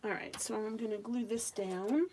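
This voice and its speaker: Woman crafting live and chatting w viewers, middle pitch, casual, faint clicky background. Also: normal speed, darkish tone, a little hiss or hum. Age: adult with young children. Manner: chatty, reads viewer comments aloud, talks to viewers directly. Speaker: craft livestream host.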